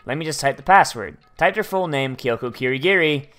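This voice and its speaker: Give me a crude, sarcastic young woman narrating a video game playthrough over quiet background music. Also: low-pitched, expressive, fairly quick. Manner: crude, heavily profane, sarcastic, rambling. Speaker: let's play host. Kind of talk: gameplay commentary reading game text aloud. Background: faint game music.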